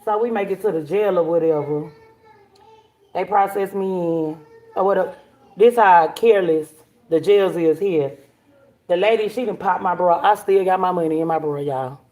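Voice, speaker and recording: A woman, casually telling a story to her livestream viewers, animated and blunt, swearing freely. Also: lowish voice, moderate pace. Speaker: livestream host.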